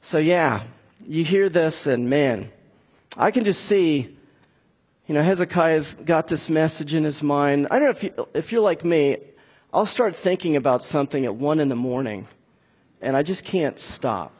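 A man preaching a conversational, animated sermon, speaking directly to his congregation. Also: on the high side, normal speed, slightly rough, big-room sound. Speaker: pastor.

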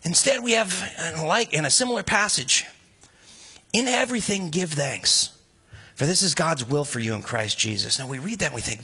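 A man delivers a sermon in a bright, slightly husky voice, talking to his listeners casually and throwing out rhetorical questions. His pitch sits a bit high for a man. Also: normal speed. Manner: conversational, animated preaching with rhetorical questions. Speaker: pastor.

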